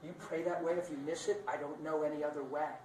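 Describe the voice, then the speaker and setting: A man preaching a sermon with dramatic swings between loud bursts and hushed lines, playful and laughing at himself now and then. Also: on the high side, steady tone, quick pace, slight background noise. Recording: roomy sound picked up from a distance.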